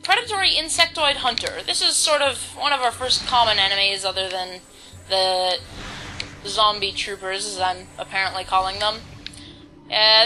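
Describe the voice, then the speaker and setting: A woman's voice: mid-range voice, sharp tone, rough recording. A woman casually commenting on a video game, rambling and self-deprecating as she reads the on-screen text aloud. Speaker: let's-play commentator.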